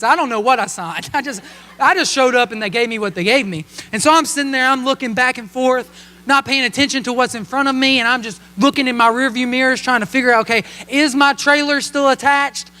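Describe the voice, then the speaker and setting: A young man in his twenties, a pastor telling a joking personal story in a sermon, animated and playful. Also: very high-pitched. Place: church hall. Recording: long hall reverb.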